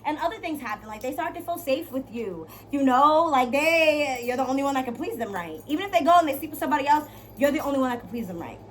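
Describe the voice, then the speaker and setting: A young woman vlogger giving dating advice in a brash, profane, playful monologue, swinging from loud to hushed. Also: high-pitched, animated, fast talker. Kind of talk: casual storytelling monologue.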